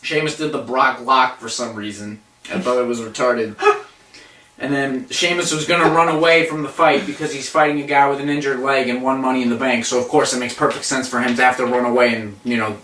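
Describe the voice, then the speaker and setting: A man's voice: mid-range voice, fairly even intonation, a little fast, bright, forceful tone. A young man co-hosting a casual wrestling review, sarcastic, profane and mocking as he recaps. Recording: echoey room, distant mic.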